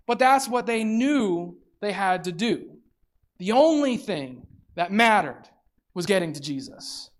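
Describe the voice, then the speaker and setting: Animated preacher telling a story. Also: mid-range voice, a little slow. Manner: animated storytelling, acting out voices. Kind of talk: sermon.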